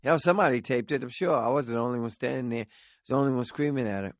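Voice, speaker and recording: A man's voice: medium pitch, rapid-fire, dry recording, studio quality. A man hosting his own vlog who talks in a rambling, profane way and slides into telling a stand-up bit. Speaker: vlog host and stand-up comic.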